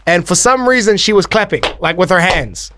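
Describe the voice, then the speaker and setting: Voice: mid-range voice, animated, moderate pace, a bit bright, slight background noise. A radio co-host in a studio, teasing and laughing often in casual banter.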